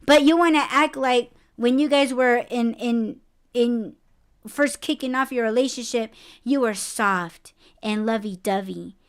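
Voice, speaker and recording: A woman hosts a laid-back podcast chat. She talks at an unhurried pace in a fairly high voice. Her delivery is blunt and full of profanity, and her voice jumps up sharply when she makes a point. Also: clear, resonant tone. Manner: blunt, profane, ranting with emphatic rising outbursts. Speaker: podcast host. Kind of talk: casual podcast conversation.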